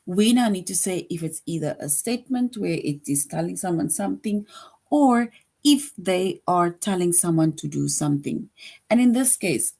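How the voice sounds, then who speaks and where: A woman's voice: mid-range voice, a little mellow. A woman teaching a grade school grammar lesson, patient, repeating each point and often checking in with "right?".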